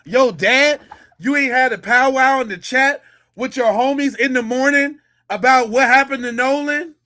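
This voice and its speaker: A man's voice: very high-pitched, normal speed, sharp tone. A man hosting a podcast, a former police officer giving slangy, incredulous reaction commentary.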